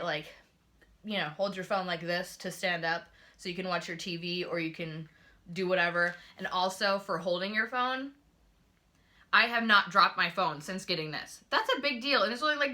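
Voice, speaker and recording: A young woman beauty vlogger chats casually into her phone camera at home, reviewing beauty products with lots of gushing and filler words. Her voice is lowish with a sharp tone.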